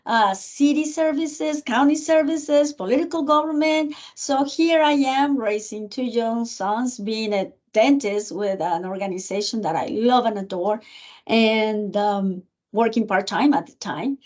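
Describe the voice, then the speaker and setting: A middle-aged woman with a Spanish accent, a guest in an interview, telling her story in an earnest, animated way. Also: a little high, unhurried. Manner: earnest, animated, acts out remembered dialogue. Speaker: guest speaker, county commissioner. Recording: muffled lo-fi recording.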